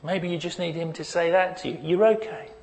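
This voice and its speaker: A man preaching a sermon as pastor, earnest and questioning, leading the listeners into a quiet reflection. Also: on the high side, flat delivery, fairly quick, low-quality recording.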